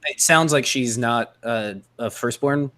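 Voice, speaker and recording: A man co-hosting a casual podcast, animated and quick to laugh. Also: mid-range voice. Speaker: podcast co-host.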